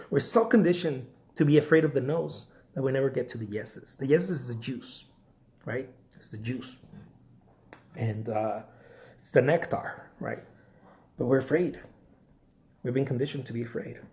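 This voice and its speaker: A man's voice: mid-range voice, a little slow, long pauses. A man, a painter, giving casual motivational career advice to viewers, repeating himself and often asking "right?". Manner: animated, repeats phrases, asks "right?" often. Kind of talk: casual motivational live talk.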